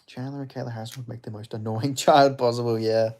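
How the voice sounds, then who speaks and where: Excitable man reacting to a live fight. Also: mid-range voice, fast. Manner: excitable, swearing, bursts into loud reactions. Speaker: streamer hosting a live fight watch-along. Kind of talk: live casual fight commentary.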